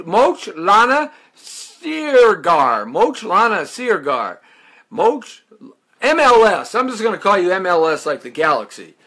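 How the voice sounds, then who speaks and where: Fifties guy hosting a live radio show, slightly high voice, goofy hype talk, laughs at his own jokes. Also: breathy edge. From Chicago, raised in Southern California. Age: 50s. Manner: animated, jokey, hype-man delivery with sound effects. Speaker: radio show host and real estate broker. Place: radio studio.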